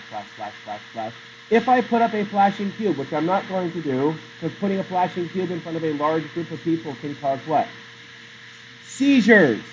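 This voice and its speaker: Man, teacher, classroom lecture, high-pitched, digressive, quizzes students, dull lo-fi sound, faint background noise.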